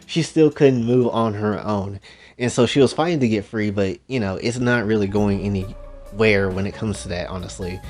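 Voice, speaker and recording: Animated, joking man retelling a story. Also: on the low side, moderate pace, faint music behind. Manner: animated, joking, profane asides to listeners. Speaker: storyteller recapping his own story. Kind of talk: casual story recap.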